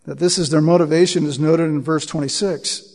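Earnest and steady in tone, a high-voiced preacher with a darkish timbre moves briskly through long scripture readings, breaking off to explain them. He frequently restarts phrases by repeating words. Everything carries a long reverb, like a large hall.

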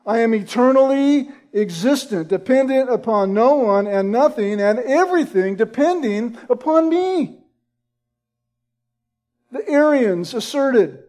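A man preaching a sermon, deliberate and emphatic, building in intensity on key points. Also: very high-pitched, animated, a little mellow.

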